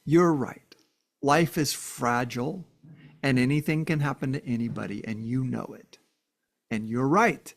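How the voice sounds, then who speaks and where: A man's voice: medium pitch, fairly even intonation, normal speed, gravelly. A man giving an earnest, emphatic casual monologue, speaking directly to his viewers. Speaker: vlogger. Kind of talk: casual heartfelt monologue to camera.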